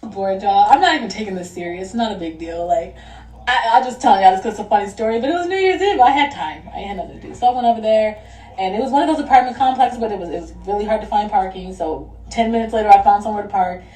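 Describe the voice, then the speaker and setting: A young woman telling a storytime on her vlog, animated and profane, laughing as she goes. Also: medium pitch, quick pace. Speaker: vlogger. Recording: echoey room, distant mic.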